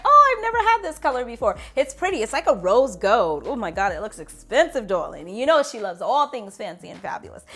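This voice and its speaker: A woman vlogger chatting through a casual fragrance review, animated and playful, jumping from loud exclamations to low asides. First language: English.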